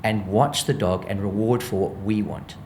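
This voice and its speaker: A man's voice: fairly low pitch, normal speed, a little hiss or hum. A man with a South African accent, an animal behaviourist guest, explaining dog training in an interview and acting out what dogs think. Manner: lively, acts out dog thoughts in voices.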